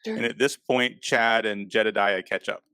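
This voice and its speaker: A man narrating as game master of a tabletop game, in a relaxed, loose way with fillers. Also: fairly low pitch, normal speed, clear, resonant tone, dry recording.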